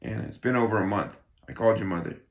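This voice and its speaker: A man cold-reading a play, voicing a polite, guarded young woman who speaks in a hesitant, measured way. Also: fairly low pitch, lightly acted. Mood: explaining. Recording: roomy echo.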